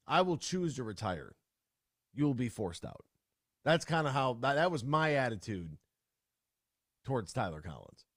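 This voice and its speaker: Lively, ranting male sports radio host. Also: mid-range voice, no echo, clean studio sound. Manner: animated, ranting with sudden loud outbursts. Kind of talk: casual sports talk radio.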